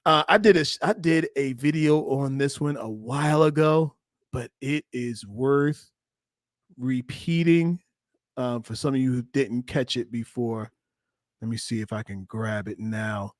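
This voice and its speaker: A man who is a relationship coach and host, giving animated live-stream commentary on video clips and repeating himself as he urges viewers to like. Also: medium pitch, moderate pace, no echo, studio quality.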